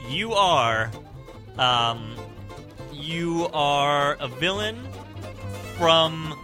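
A man hosting a college radio comedy show, bantering in a dry, deadpan way. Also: a little high, extremely slow, faint music behind.

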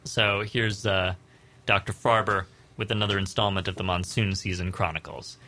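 A man's voice: sits low, steady tone, normal speed, sharp tone. A man co-hosting a radio show, joking wryly with frequent restarts. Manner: wry, stumbling restarts while joking. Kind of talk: casual comedic banter.

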